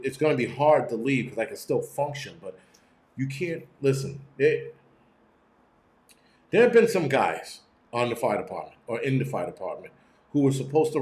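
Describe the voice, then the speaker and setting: A man's voice: fairly low pitch, roomy sound. A middle-aged man hosting a prepping channel, talking in a profane, blunt, rambling livestream rant from home. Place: room at home.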